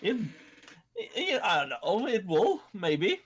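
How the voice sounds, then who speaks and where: A man playing a tabletop game, animated, laughing and swearing casually. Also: high-pitched, takes it slowly. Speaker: player.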